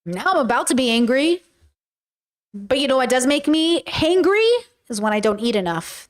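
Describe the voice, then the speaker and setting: High-voiced woman rambling candidly on livestream. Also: lively intonation, normal speed. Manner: candid and rambling, swears freely, acts out her own quotes. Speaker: livestream host. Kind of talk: casual livestream chat. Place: home livestream.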